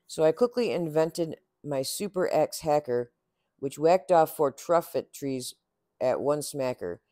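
A man's voice: fairly high pitch, lively intonation, unhurried, dark tone, no room sound, studio quality. Man reading a rhyming storybook aloud. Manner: rhythmic, sing-song rhyming delivery. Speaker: storybook reader. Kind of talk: children's read-aloud narration.

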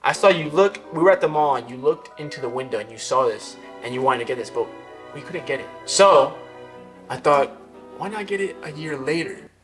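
A young man hosting a casual home vlog, soft-spoken and halting. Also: a little high, lively intonation, soft background music. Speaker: vlogger, boyfriend. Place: home room at Christmas. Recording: echoey room.

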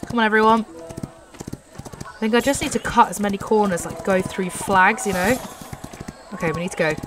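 A young British woman giving excitable commentary while playing a horse racing game, urging her horse on. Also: medium pitch, moderate pace, noisy background. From Britain. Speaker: gaming YouTuber. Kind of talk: live gameplay commentary.

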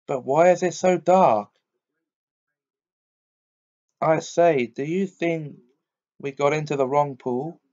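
A man reading aloud voices a brisk, curious young girl who asks eager questions. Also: fairly high pitch, a little mellow, pitched above the performer's own voice, close to an everyday voice. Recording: dull lo-fi recording.

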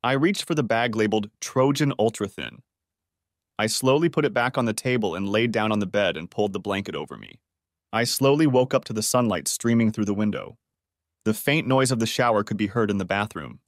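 A man's voice: lowish voice, expressive, fairly quick, dry recording. Man narrating a story in a dry room. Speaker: audiobook narrator. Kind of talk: first-person story narration.

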